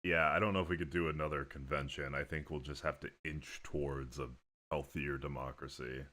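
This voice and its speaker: Reacting to clips on his livestream, a man with a steady bass voice speaks a little fast, sounding pushed and bright. His talk is casual and meandering, with frequent swearing and laughter between comments.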